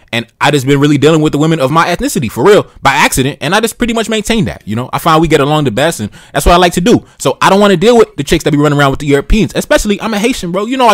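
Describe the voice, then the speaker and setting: A man's voice: a little high, no room sound, clean studio sound. A man in his twenties giving blunt, slangy reaction commentary, repeating phrases for emphasis. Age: 20s. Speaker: YouTube commentator.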